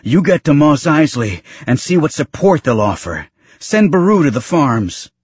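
A wounded old farmer shouts in protest, his voice climbing high and frantic, as a man reads him. The tone is husky and the sound dry and close. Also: very animated, normal speed, no echo. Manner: bellowing, rising frantically.

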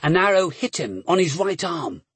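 A man reading an adventure novel aloud as a narrator, measured and steady, with brief voiced dialogue. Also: sits high, husky, dry recording. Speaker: audiobook narrator. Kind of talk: scripted narration.

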